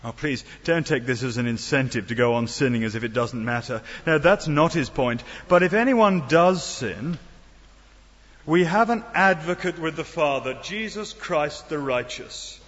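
Animated and a bit bright, his fairly high voice moves at normal speed as this middle-aged man preaches earnestly in church. He asks rhetorical questions and adds wry asides, and the sound is dull with lingering hall reverb.

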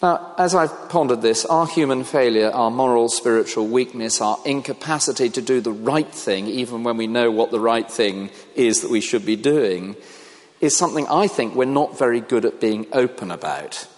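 A man's voice: mid-range voice, normal speed. A man preaching a sermon, reflective, asking the congregation questions. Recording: long reverb of a large hall.

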